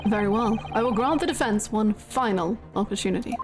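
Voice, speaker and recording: Formal male judge, grave and deliberate, a woman streamer reading, game music under. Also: mid-range voice, natural voice. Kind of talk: reading game dialogue aloud.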